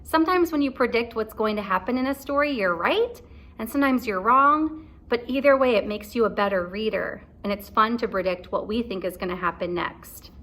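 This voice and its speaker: A woman teacher reading a storybook aloud to young children, stopping often to ask them what comes next. Her voice sits a little high and sounds bright and clear, with an encouraging, patient manner. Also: fairly quick. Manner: encouraging, asking questions.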